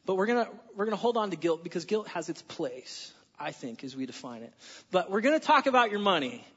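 Animated high-voiced man preaching in a hall. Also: brisk, breathy edge, highs cut off. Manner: animated preaching, wry sarcastic asides, drops to near-whisper for emphasis. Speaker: pastor. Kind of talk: sermon. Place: church sanctuary.

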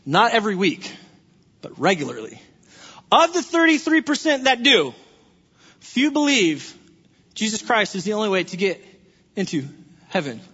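High-voiced husky preacher in a reverberant hall. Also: male voice, normal speed, pauses often. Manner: animated, conversational preaching with rhetorical questions. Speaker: pastor. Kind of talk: sermon. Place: church sanctuary. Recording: dull, husky sound with long hall reverb.

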